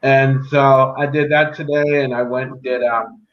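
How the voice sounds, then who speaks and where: A man's voice: medium pitch, flat delivery, measured pace, faint music behind. Man, podcast guest, earnest faith testimony, repeats himself for weight; echoey, dull remote audio with faint hiss. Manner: earnest, faith-filled, repeats key phrases. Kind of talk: personal testimony.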